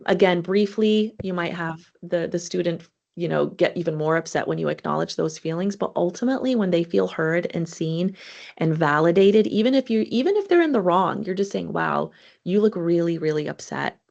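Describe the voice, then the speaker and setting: Low gravelly woman presenting a webinar. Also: expressive, a little fast, darkish tone, muffled recording. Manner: conversational, earnest, many fillers and restarts.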